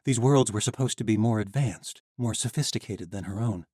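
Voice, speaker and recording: Mellow-voiced man narrating an audiobook. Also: on the low side, normal speed, no room sound, studio quality. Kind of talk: scripted narration.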